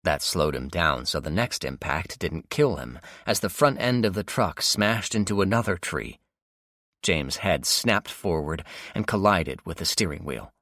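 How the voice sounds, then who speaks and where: Deep-voiced man narrating a horror audiobook. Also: expressive, unhurried, a bit bright, no echo, studio quality. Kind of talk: scripted narration.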